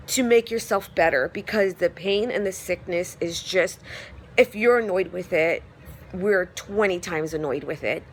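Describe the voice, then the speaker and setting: A woman's voice: mid-range voice, slight background noise. A woman giving a casual phone vlog update, telling her story in a rambling way with lots of fillers. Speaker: vlogger.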